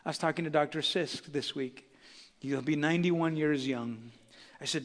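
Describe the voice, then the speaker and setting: Man, pastor, sermon, bright ringing voice, long church reverb. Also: on the high side, normal speed. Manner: preaching with rising intensity and acted quotes. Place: church sanctuary.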